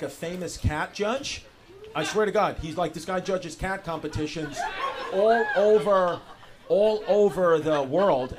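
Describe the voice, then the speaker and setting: A young man doing loose, profane stand-up crowd work, laughing through his riffs on a club stage. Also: high-pitched. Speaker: stand-up comedian. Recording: noisy live club recording.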